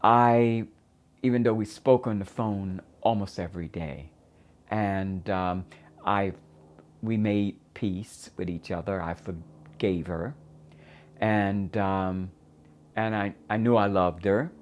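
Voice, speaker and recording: An older woman from Florida telling her own life story in a reflective, halting way, pausing often with fillers. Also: a bass voice, darkish tone, a little hiss or hum. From United States (Florida). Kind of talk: first-person documentary storytelling.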